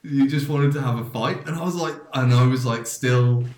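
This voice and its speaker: A man's voice: mid-range voice, moderate pace, darkish tone. A man hosting a podcast, casually telling a dream in a rambling way with many restarts and fillers. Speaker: podcast host. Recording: roomy echo.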